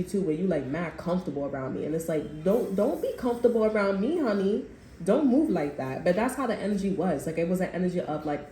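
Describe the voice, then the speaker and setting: A woman reads tarot cards in a loose, rambling way, full of slang and acted-out quotes. Her voice sits low and mellow. The room around her is echoey, with a faint hiss behind. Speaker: tarot reader. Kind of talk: casual spoken tarot reading.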